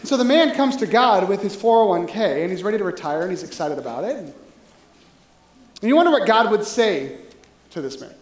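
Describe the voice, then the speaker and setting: A pastor preaching a sermon in a relaxed, conversational way, often checking in with the listeners. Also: mid-range voice, brisk, roomy sound, low-quality recording.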